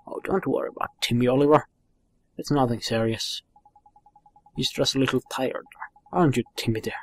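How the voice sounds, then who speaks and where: A man's voice: medium pitch, moderate pace, natural voice. A man voicing a sweet, fussy old woman doting on her pet. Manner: fussing, cooing.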